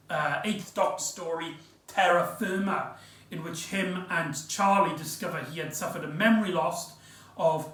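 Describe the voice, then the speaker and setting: High-voiced man rambling through a review. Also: bright, forceful tone. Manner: rambling, hesitant, many ums and restarts. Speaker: audio drama reviewer. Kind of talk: casual review monologue. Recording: echoey room, far from mic.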